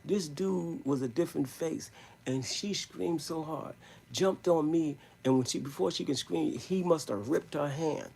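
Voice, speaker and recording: A man telling a rambling story in a live stream, in emphatic street slang, with a gravelly, husky voice. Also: fairly high pitch, measured pace, a little mellow.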